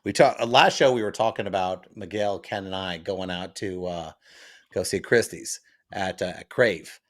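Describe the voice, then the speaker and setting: A man's voice: low-pitched, moderate pace. A man co-hosting a comedy talk radio show, telling stories in a casual, laid-back way from the studio. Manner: laid-back, animated storyteller. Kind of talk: casual radio banter and storytelling.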